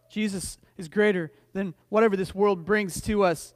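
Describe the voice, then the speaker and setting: High-voiced, dry-sounding man preaching. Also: steady tone, normal speed, hardly any pauses, no echo. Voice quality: frequent restarts and repeated words. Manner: conversational, storytelling preacher who rises to emphatic declarations. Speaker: pastor. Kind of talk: sermon.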